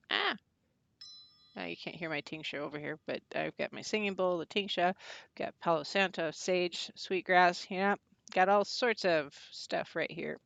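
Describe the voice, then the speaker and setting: A woman who practices witchcraft, talking casually on a livestream and answering chat. She talks haltingly, with many fillers and restarts, and makes wry, blunt remarks. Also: lowish voice, vocal fry, a bit bright, dry recording. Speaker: pagan witch hosting a channel. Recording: dull lo-fi dry sound.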